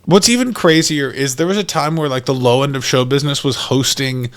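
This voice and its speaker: A man's voice: mid-range voice, a little fast. A male comedian co-hosting a podcast, telling stories in casual chat and acting out the quotes. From Canada. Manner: animated storyteller who acts out quotes.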